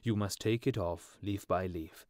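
A noble, compassionate statue prince from a fairy tale, speaking calmly and earnestly, voiced by a male reader. The voice is fairly low and gentle. It is recorded dry and close. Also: measured pace, no room sound.

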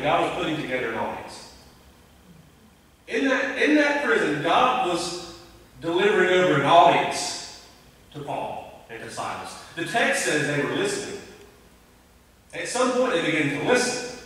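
A man preaching a conversational, animated sermon, recorded from a distance in a church sanctuary. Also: normal speed, pauses often. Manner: conversational, animated preaching with sudden rises in pitch. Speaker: pastor. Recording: echoey church hall, voice from a distance.

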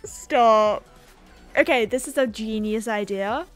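A young woman with an Australian accent reads a game blog aloud and keeps breaking off into chatty asides. Her voice sits high for a woman, and her delivery stays bubbly and eager. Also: expressive, moderate pace, faint music behind. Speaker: gaming video creator. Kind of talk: casual game blog read-along.

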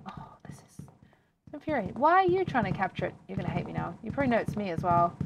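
A woman's voice: medium pitch, very animated, brisk, gravelly, highs cut off. A woman casually commentating a game for her viewers, chatty and laughing often. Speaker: gaming video host. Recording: faint background noise and clicks.

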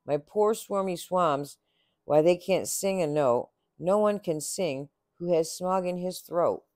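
A man's voice: high-pitched, takes it slowly, darkish tone, dry recording, studio quality, pitched above the performer's own voice. A man reading a storybook aloud, voicing a grumpy little forest creature who scolds and sniffles. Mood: reproachful.

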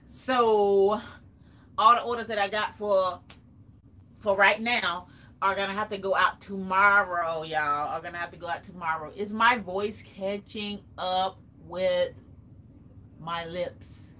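A woman's voice: mid-range voice, fairly even intonation, slow, bright, forceful tone. A woman with a Southern US accent chatting casually on a home live stream, drawling and talking straight to her viewers while she reads out their names. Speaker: live-stream host and small seller. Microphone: phone or camera set back from her.

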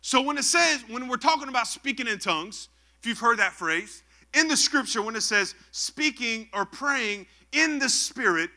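A young man preaches to his congregation, stopping often to call for their answers. His voice sits high for a man and rings very bright and sharp. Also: moderate pace. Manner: lively call-and-response preaching. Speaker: pastor. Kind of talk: sermon.

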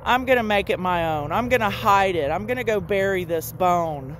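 A woman's voice: medium pitch, moderate pace, a little hiss or hum, pitched below the performer's own voice, natural voice. A woman voicing a stubborn grown believer who keeps their sin to chew on like a bone.

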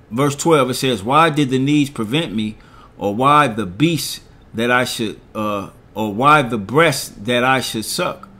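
A middle-aged man delivers a sermon. He reads scripture in a slow, measured way and comments on each verse. He keeps checking in with his listeners by asking "all right?". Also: mid-range voice, pushed and bright. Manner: reads verses slowly, asks "all right?" after nearly every point. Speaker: preacher.

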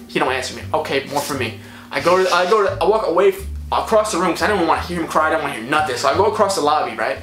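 A young man telling a storytime vlog story in a rambling, animated way, full of fillers. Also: a little high, fast. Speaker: vlogger. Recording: echoey room, faint music.

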